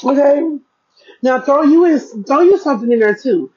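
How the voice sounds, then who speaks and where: Chatty mom vlogger, dull lo-fi sound. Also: female voice, high-pitched, expressive, normal speed, mellow. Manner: chatty, talks straight to viewers, keeps checking in. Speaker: parenting vlogger. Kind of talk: casual budgeting vlog.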